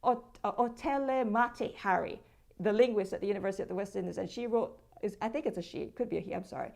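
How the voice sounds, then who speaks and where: A woman's voice: mid-range voice, fast, creaky, darkish tone. A Jamaican woman from Jamaica, a social media creator, speaking as a guest in a conversational interview and firmly explaining her position.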